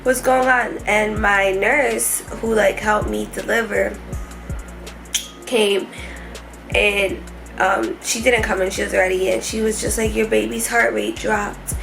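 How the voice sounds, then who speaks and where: Young woman vlogger with a gravelly edge. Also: mid-range voice, little pitch movement, music in the background, rough recording. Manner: emotional, rushed retelling with many fillers. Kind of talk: casual storytelling vlog. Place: hospital room.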